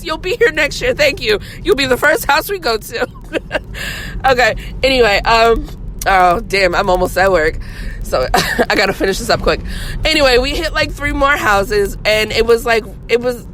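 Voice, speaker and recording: A woman casually telling a personal story from her car, chatty and animated, acting out what people said in higher voices. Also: slight background noise, low-quality recording. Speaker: vlogger.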